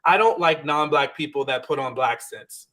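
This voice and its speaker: A man with a slightly higher voice chats through a reality-show recap. He talks loosely and fast and slips into quoted lines as he goes. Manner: chatty, animated, acts out quoted lines. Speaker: podcast co-host.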